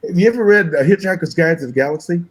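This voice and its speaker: An older man, a guest musician, telling animated, fast-paced stories in an interview and acting out the voices of the people in them. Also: high voice, low-quality recording. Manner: fast-talking, acts out voices in his stories, laughs often.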